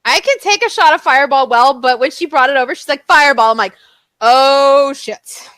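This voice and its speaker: Bright high-voiced woman co-host. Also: expressive, fast, dry recording. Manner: bubbly, talks to listeners directly. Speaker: podcast co-host. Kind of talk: casual chat.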